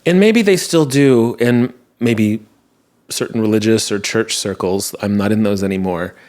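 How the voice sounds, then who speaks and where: A man's voice: lowish voice, a little slow, a little mellow. A man hosting a podcast, talking in a casual, rambling monologue and laughing at himself. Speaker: podcast host answering listener messages.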